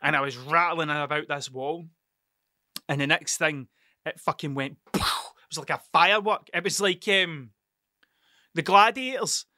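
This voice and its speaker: Scottish guy rambling thru a sweary story, highish bright voice, dry close mic. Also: normal speed, no room sound. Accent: Scottish, Ayrshire. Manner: sweary, digressive, restarts mid-sentence. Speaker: podcast host.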